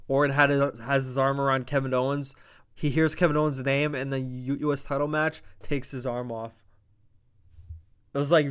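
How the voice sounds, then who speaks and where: A man recapping and reviewing a wrestling show in a casual, excitable, fast-talking way, swearing often and breaking into loud exasperated outbursts. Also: mid-range voice, clear, resonant tone.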